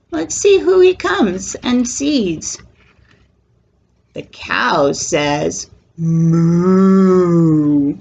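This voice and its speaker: A woman reads a picture book aloud to toddlers, taking it very slowly. Her voice swoops up and down in a sing-song way, with a little gravelly fry at the ends of phrases. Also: mid-range voice, muffled recording, a little hiss or hum. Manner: slow, sing-song and animated for small children. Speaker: children's storyteller.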